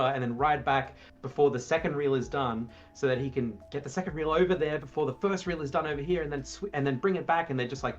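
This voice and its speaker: A man co-hosting a casual film review chat, eagerly retelling comic scenes and acting them out in sudden high voices. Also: lo-fi sound. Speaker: podcast co-host.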